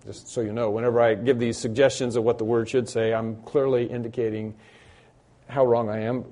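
Man, pastor, sermon, warm mellow voice, conversational, repeats phrases for emphasis. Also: mid-range voice, flat delivery, brisk. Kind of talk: expository sermon.

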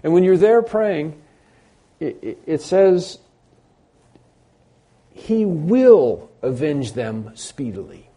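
A man preaching an unscripted sermon, often restarting his sentences and rising and growing louder on his emphatic points. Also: on the high side, big pitch swings, slow, pauses often. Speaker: pastor.

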